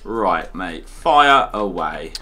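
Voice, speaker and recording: Chilled lad doing a casual gaming outro, bright voice. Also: male voice, sits low, big pitch swings, extremely slow, faint music behind. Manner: laid-back banter, wraps up with viewer call-outs.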